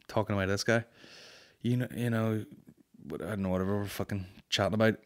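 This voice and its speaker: A Northern Irish man hosting a comedy podcast, reading listener questions and telling stories in a blunt, sweary, animated way. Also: lowish voice, fast. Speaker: podcast host and stand-up comedian.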